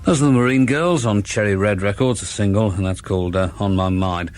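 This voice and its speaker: A man in his forties, a radio DJ introducing records in a dry, unhurried way, with frequent "uh" pauses. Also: on the low side, darkish tone, no room sound, faint music behind. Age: 40s. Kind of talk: radio show links between records.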